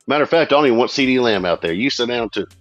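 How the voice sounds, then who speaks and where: A man's voice: mid-range voice, animated, no echo, dull audio, faint music behind. A man from Texas guesting on a sports podcast, blunt and joking in casual chat. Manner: blunt, joking, drawn-out complaints.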